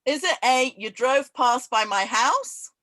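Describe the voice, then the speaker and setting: Woman, quiz host, video call, slightly high voice, slow, laughs a lot, dry close sound. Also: animated, pushed and bright, no echo, rough recording. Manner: laughs often, repeats questions slowly. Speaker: event host running a quiz. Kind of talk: casual online event chat.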